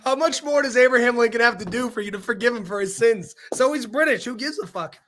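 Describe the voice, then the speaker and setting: A man with a notably high speaking voice hosts a loose podcast conversation. He swears freely, laughs often and jumps between topics with animated energy. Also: fast, slight background noise. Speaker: podcast host. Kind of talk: casual chat.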